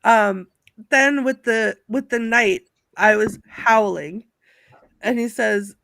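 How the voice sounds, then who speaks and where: A woman on a video call chatting excitedly with friends on a live stream, laughing often as she talks. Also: a little high, takes it slowly, creaky, dry recording. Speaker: panelist. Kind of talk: casual chat on a live stream.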